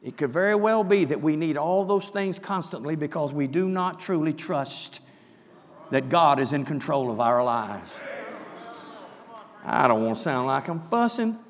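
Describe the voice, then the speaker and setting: A man preaching a sermon, emphatic, dropping to hushed asides and rising to shouts. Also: a little high, expressive, a little slow, big-room sound.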